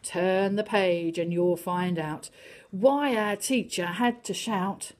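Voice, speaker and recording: An older woman reading a picture book to young children, sing-song and animated, now and then dropping to a whisper. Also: medium pitch, slow.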